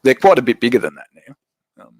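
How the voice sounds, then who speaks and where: A man's voice: medium pitch, very animated, fairly quick, darkish tone, no room sound, poor audio. A man with an Australian accent hosting a casual livestream, chatting easily and answering viewer comments as he goes. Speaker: livestream host.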